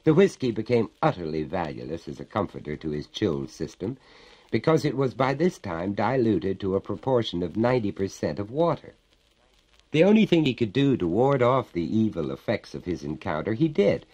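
A man narrating a storybook tale in a theatrical, wry and measured way. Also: on the low side, darkish tone, husky, poor audio. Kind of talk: dramatic storybook reading.

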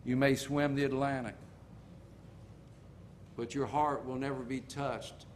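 An older man preaching a sermon in a folksy storytelling manner, slowing down to stress key points. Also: mid-range voice, flat delivery, slight background noise.

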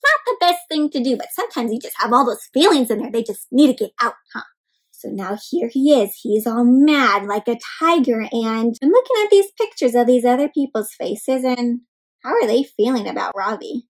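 Casting: woman storyteller with a high voice, animated read-aloud for kids, full of gasps and questions to the children. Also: normal speed, rough recording. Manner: expressive, often gasps, asks kids questions.

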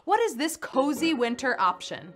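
Playful bright-voiced woman quiz host. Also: high-pitched, sing-song, normal speed, faint music behind. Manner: playful, punny, chatty with the audience. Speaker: game show host. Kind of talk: live mobile quiz show hosting. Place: studio in New York.

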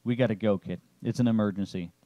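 Blunt tough mentor, played by a male narrator, clipped, mellow low voice, dry recording. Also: steady tone, fast talker, dry recording, close to an everyday voice. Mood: brusque.

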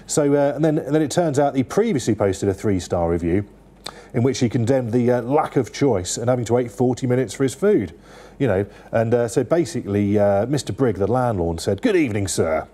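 A man's voice: medium pitch, animated, fairly quick, mellow. A man reviewing newspaper stories in casual chat, rambling with many fillers and restarts.

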